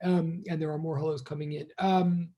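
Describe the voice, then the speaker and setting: A man's voice: fairly high pitch, little pitch movement, normal speed, dull audio. A middle-aged male college teacher on a video call, chatting casually and rambling as he greets his students one by one. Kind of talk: casual online class greeting.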